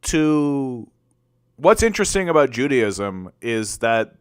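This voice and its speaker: Rambling man on a livestream, smooth voice. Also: mid-range voice, very animated, slow, no echo, studio quality. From Canada. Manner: rambling, with many restarts and filler likes. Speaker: political commentary host. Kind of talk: casual livestream commentary answering chat.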